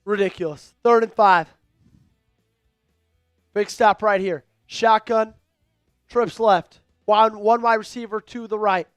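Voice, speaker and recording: A man calls football plays live with a high, smooth, crisp voice that jumps with excitement. His mic is close and dry, with faint music under him. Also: takes it slowly, long pauses, dry recording. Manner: excitable, hypes up viewers. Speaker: host of a team live stream. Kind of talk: live play-by-play commentary.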